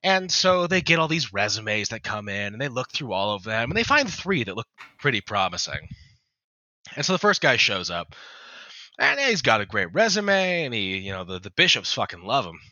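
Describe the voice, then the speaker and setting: Joke-telling man with a bright, tense voice. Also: medium pitch, huge pitch swings, moderate pace, dry recording, lo-fi sound. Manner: rambling storyteller with many restarts and swearing. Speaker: podcast co-host. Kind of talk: casual joke-telling chat.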